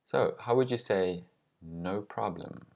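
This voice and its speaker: A man teaching language grammar, explaining with example phrases and pronouncing them slowly and carefully. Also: sits low, gravelly, a little mellow, lo-fi sound.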